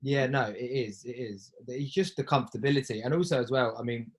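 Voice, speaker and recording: A young actor speaks in a relaxed, easygoing way during an interview. He pauses often and hunts for words. His pitch is medium for a man. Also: husky, low-quality recording. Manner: easygoing, hesitant, many fillers and restarts. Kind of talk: casual interview chat.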